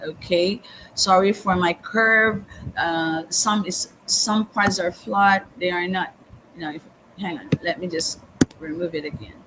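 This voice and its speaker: A woman teaching calculus step by step in a live lesson, often pausing with "okay" and "hang on". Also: on the low side, steady tone, background noise. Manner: slow, step-by-step explaining with frequent "okay" and "hang on". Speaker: math teacher.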